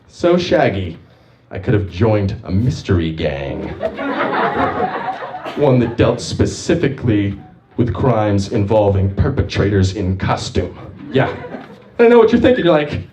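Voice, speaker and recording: This open mic comedian delivers jumpy, lively stories full of big pitch swings, going a little slowly and leaving long pauses. He performs in a small venue, picked up by a distant mic with audible noise.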